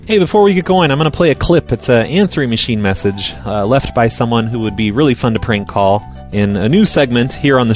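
A man hosting a casual podcast, chatting offhand and making sarcastic jokes. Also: mid-range voice. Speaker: podcast host.

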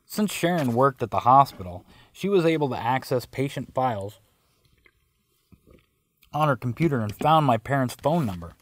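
A man's voice: mid-range voice, dry recording. Man telling a wry story. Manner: wry, self-mocking narration. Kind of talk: first-person storytelling.

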